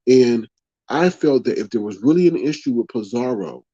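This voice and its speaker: A man hosts a live stream and talks casually to his viewers, reading out their comments and reacting with lively emphasis. His mid-pitched voice is dark and mellow. The sound is dull and lo-fi, with a dry, close feel and no room around it. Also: moderate pace, no echo. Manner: casual, animated, addresses viewers as "y'all". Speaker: YouTube livestream host.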